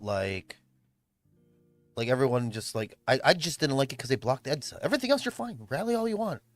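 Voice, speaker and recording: Young male streamer, chatty and rambling, lively pitch, dry close mic. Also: no room sound. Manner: rambling, many fillers and restarts. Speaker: livestreamer. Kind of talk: casual livestream chat. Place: home room, tidying up.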